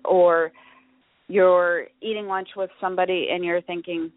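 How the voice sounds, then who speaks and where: A woman's voice: lowish voice, little pitch movement, unhurried, dry recording. A woman hosting a podcast, explaining her topic in a chatty way, with fillers and restarts. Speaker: podcast host. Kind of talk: casual solo podcast talk. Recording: dry phone-like audio.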